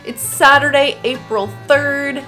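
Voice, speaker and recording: A young woman talking straight to camera in a bubbly, chatty vlog style, her voice sitting a little high. She laughs easily between thoughts and sounds a bit tired. Soft music plays faintly underneath. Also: fairly even intonation, slow. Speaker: vlogger. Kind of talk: casual chat.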